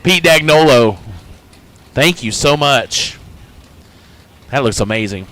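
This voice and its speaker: A man with an Indiana accent calling drag races live from an announcer booth, brisk and joking as he reads out names and times. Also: mid-range voice, lively intonation, fairly bright tone. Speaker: race announcer. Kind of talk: live drag-racing commentary.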